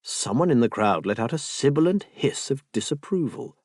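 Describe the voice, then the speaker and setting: A male narrator reads a novel aloud in a measured, expressive way. His pitch moves a great deal from phrase to phrase. The recording is dry and close, with no room sound. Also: husky, no echo. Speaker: audiobook narrator. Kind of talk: scripted narration.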